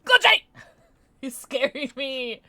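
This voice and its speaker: A woman streamer chatting casually while playing chess, excitable and giggly, with squeals and hushed mutters. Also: high voice, takes it slowly, no echo.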